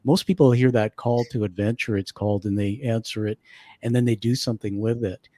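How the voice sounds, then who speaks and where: A man hosting a radio interview show, speaking in measured, reflective statements. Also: on the low side, steady tone, dark tone, dry recording, studio quality. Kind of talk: interview conversation.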